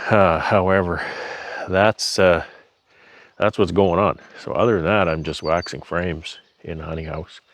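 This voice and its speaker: A man's voice: deep voice, no echo. A beekeeping man talks to camera in a rambling, earnest way, with frequent fillers and restarts. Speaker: beekeeper vlogger. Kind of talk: casual talk to camera. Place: honey house.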